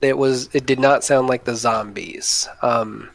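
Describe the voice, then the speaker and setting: A man acting as dungeon master in a tabletop game, talking in a hesitant way with many pauses and fillers. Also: mid-range voice, fairly even intonation, creaky. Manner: hesitant, lots of ums and restarts. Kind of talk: running a tabletop game over voice chat.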